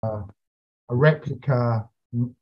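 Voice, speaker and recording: Male actor guest, casual and halting, mid-pitched, lo-fi audio. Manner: hesitant, many fillers and restarts, chatty. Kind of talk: casual interview chat.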